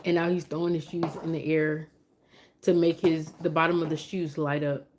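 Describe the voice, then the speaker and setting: A woman's voice: low voice, little pitch movement, normal speed, a little mellow. A mother chatting casually on a live stream, open and emotional, turning sing-song when she coaxes her toddler.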